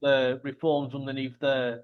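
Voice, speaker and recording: A man co-hosting a casual discussion, explaining things in a measured way with dry wit. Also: medium pitch, flat delivery, dull audio. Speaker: podcast co-host.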